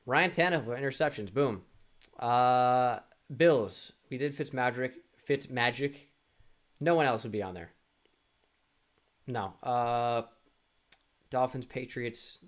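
A man's voice: medium pitch, slow, long pauses. A young man thinking aloud through a sports quiz, muttering, restarting and mocking himself. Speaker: gaming YouTuber. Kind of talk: casual self-talk while playing a sports quiz.

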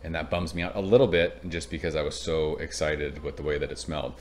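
Deep-voiced man from Southern California, thirties, chatty home beer-review vlogger, rambles, gets excited, swears casually. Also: quick pace, slight background noise.

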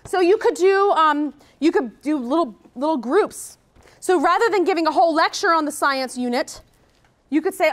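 High-pitched woman, lively conference workshop speaker. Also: moderate pace. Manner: energetic, chatty, says "okay?" often. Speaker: workshop presenter. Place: conference room.

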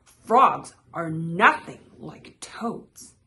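A woman voicing a boastful, quick-tempered male frog who squabbles in loud taunts for a storybook reading. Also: fairly low pitch, animated, a little hiss or hum, exaggerated voice. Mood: squabbling.

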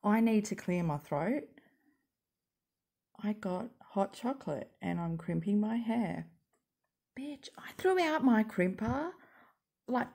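Woman w a croaky gravelly voice, slow sarcastic rambling, smoking at home. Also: medium pitch, a little mellow. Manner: sarcastic, talks while smoking. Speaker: YouTube commentator. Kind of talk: rambling casual monologue.

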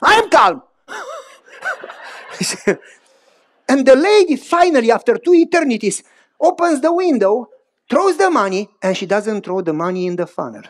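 A middle-aged man preaching a sermon, telling personal stories in an animated way with big pitch swings and repeated phrases. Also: brisk. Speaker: pastor.

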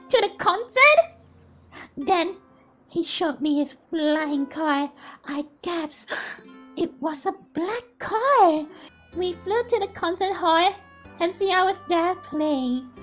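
A young woman streamer, excitable and giggly, chatting while gaming and reading a story aloud on a headset mic. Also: very high voice. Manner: excitable and giggly, often apologizing.

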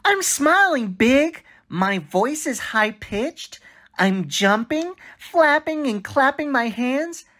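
A woman voicing a cheerful young cartoon boy who narrates a social story and asks the children watching questions, in a bright, sing-song, exaggerated way. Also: high voice, big pitch swings, slow pace, full character voice.

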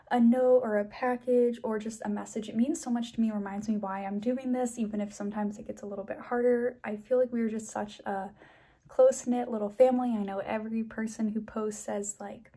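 A young woman vlogger chatting to camera, gushing with excitement and thanks as she opens gifts. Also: fairly high pitch, brisk. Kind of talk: casual chat to camera.

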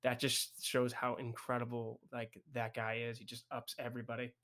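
A man's voice: medium pitch, monotone, normal speed, fairly bright tone. A young man co-hosting a podcast, chatting casually and enthusiastically about a film, full of "like" and "right?". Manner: enthusiastic, many "like" and "right?" fillers. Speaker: podcast co-host.

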